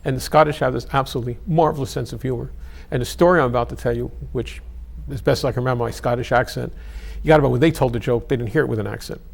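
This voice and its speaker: A hoarse older man in his eighties telling anecdotes in an oral history interview. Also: mid-range voice, rapid-fire, few pauses. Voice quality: gravelly, husky. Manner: anecdotal, chatty storytelling.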